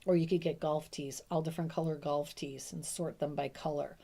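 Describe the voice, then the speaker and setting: A middle-aged woman with a low, grounded voice coaches family caregivers in a casual, chatty way. She is emphatic and often repeats her key points for effect. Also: fairly even intonation, a little fast, gravelly, dark tone. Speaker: dementia care coach. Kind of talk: casual advice talk to camera.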